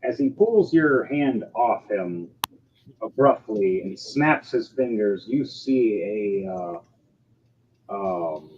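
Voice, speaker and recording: A man's voice: on the low side, animated, extremely slow, a little mellow, slight background noise. A man narrating as game master of a tabletop game, loose and full of ums and uhs. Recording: slightly dull, lo-fi sound with faint music behind.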